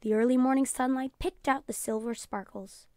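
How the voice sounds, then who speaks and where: A woman teacher reading a children's storybook aloud in a calm storytelling voice, announcing page numbers. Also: sits high, normal speed, no room sound, clean studio sound. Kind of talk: children's read-aloud narration.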